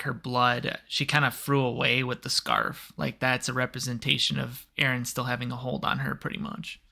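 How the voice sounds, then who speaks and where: A man with a bright, forceful voice, chatting casually on a podcast. He is animated and profane, and he jumps into quick impressions of characters. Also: medium pitch, vocal fry. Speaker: podcast co-host. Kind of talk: casual podcast chat about an anime.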